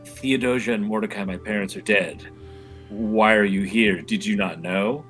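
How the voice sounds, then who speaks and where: A man playing a bright flippant young rogue. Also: lowish voice, steady tone, moderate pace, soft background music, natural voice. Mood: grave. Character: young half-elf rogue man, flippant but earnest.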